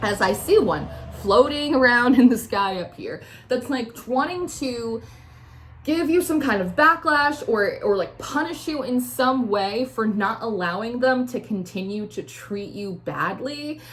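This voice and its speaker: A woman's voice: fairly high pitch, animated, a little slow, fairly bright tone, slight background noise. Young woman, tarot reader; loose, filler-heavy rambling with acted-out quotes. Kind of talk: casual intuitive tarot reading.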